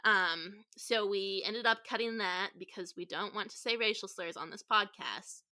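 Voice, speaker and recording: A woman hosts a casual podcast, steering the talk and handing off to others, with frequent ums. Her voice is bright and clear at an ordinary pitch for a woman. She sounds easygoing and organized. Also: normal speed. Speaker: podcast host. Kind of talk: casual discussion.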